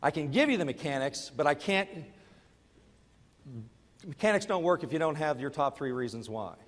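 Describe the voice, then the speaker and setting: A middle-aged man giving a motivational talk to a live audience, telling a personal story and moving between quiet confession and loud urging. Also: a little high, lively intonation, moderate pace, big-room sound. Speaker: network marketing speaker.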